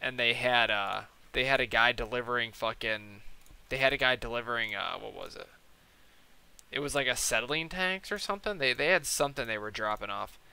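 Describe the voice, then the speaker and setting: Slightly fast and medium-pitched, the young man's voice is creaky, pushed, bright, and clean as he chats over his gameplay. He curses a lot, uses heavy slang with plenty of "like" and "dude," and performs the people he quotes in different voices.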